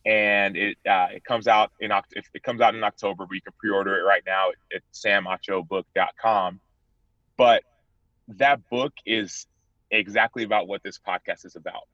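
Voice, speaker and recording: A man's voice: fairly low pitch, steady tone, moderate pace, sharp tone, no room sound. A man in his thirties, a football player guest on a podcast, telling his story earnestly and acting out old conversations. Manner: earnest, retells dialogue with rising voice. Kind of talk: candid interview storytelling. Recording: dull, dry, lo-fi sound.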